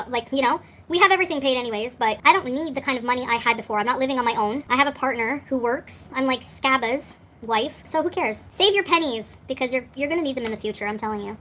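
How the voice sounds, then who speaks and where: A woman's voice: high-pitched, a bit bright, slight background noise, low-quality recording. A woman in her forties ranting on a livestream, defiant and sarcastic, answering chat as she goes. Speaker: streamer answering live chat.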